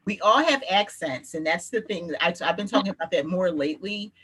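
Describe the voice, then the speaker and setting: A woman's voice: lowish voice, a little fast, fairly bright tone, husky, low-quality recording. A woman with a Philadelphia accent hosting a casual panel discussion, asking pointed follow-up questions. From Philadelphia, USA. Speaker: host.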